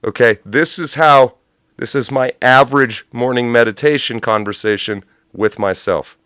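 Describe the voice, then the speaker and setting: A man's voice: mid-range voice, moderate pace, a bit bright, clear, resonant tone, dry recording, clean studio sound. A man hosting a livestream, ranting in a profane, sarcastic, rambling way. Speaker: livestream host. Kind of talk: unscripted livestream rant.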